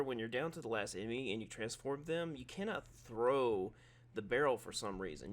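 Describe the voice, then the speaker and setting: A man's voice: medium pitch, a bit bright. A man giving a rambling, analytical game review voice-over, often correcting himself mid-sentence. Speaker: gaming video creator.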